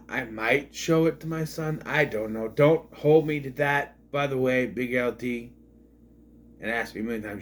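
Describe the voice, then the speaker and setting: A man, a father, reviewing a movie in a rambling, sarcastic, casual monologue, often repeating himself. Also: medium pitch.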